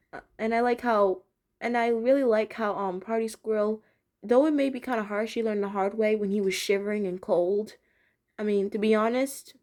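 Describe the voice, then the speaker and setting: A young woman casually reviewing a cartoon episode, chatty and giggly, with many fillers and restarts. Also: fairly high pitch.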